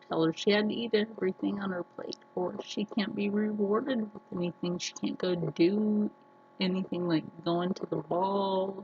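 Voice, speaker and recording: Slow talking lady vlogger, kinda gravelly, faint hiss behind her. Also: fairly low pitch, darkish tone, dull audio. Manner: earnest, slow, storytelling with many restarts. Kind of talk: casual personal talk to camera.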